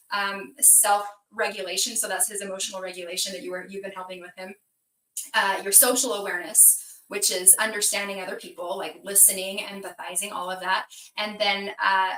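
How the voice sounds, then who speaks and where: Podcast host woman, bright and forward tone, set back from the mic in a roomy space. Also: medium pitch. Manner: encouraging, explanatory. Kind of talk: casual conversation. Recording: echoey room, distant from mic.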